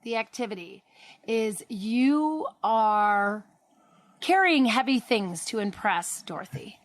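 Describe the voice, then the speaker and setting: A woman's voice: a little high, animated, slow, no room sound. A woman comedy panelist chatting casually, stammering at times, and encouraging others. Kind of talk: casual chat.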